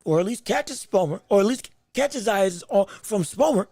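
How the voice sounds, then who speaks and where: A man hosting a podcast and giving live boxing commentary, reacting excitedly to each punch and often correcting himself. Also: sits high, dry recording, clean studio sound. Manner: excitable, quick reactions, frequent self-corrections. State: hiccups. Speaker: podcast host and fight commentator.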